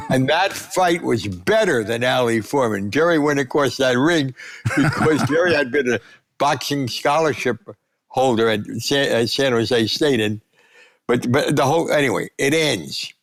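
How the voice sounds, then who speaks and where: A man in his nineties, a guest sportswriter, telling animated anecdotes and acting out the voices of people he quotes. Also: mid-range voice, a little slow. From United States. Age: 90s. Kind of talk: storytelling interview.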